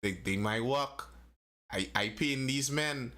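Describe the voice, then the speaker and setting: A man's voice: medium pitch, slow pace, bright, forceful tone. A man with a Trinidad and Tobago accent, co-hosting a casual live-stream chat and stating his opinions emphatically. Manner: emphatic, opinionated, repeats points. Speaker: co-host.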